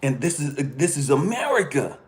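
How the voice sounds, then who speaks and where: A man from California speaking bluntly in a personal monologue, cursing freely and swinging from quiet remarks to impassioned outbursts. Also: a little high, very animated, normal speed. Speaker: channel host.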